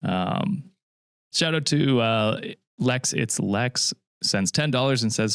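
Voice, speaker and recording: A man's voice: mid-range voice, slow, creaky, fairly bright tone, clean tone, no room sound, studio quality. A man co-hosting a live podcast, talking in an easygoing, sweary way. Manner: easygoing, sweary, laughs often. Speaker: podcast co-host. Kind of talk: casual podcast chat.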